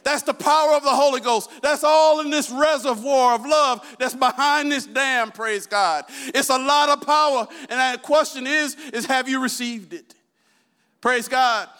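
A man's voice: very high-pitched, bright, forceful tone. A man preaching a sermon, constantly calling out to the congregation with questions and asking for amens. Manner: call-and-response, asks the congregation questions.

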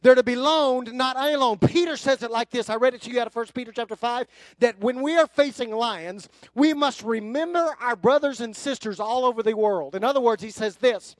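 A man preaching a sermon from the pulpit, emphatic and building into forceful runs. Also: very high-pitched, a little fast, dry recording. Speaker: pastor.

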